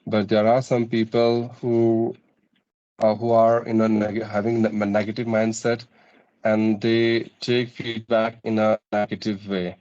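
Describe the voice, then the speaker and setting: Brief: Indian English male teacher, low mellow voice, patient questioning, dull lo-fi call audio. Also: level tone, measured pace. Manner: patient, questioning, hesitant fillers. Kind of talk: conversation practice interview.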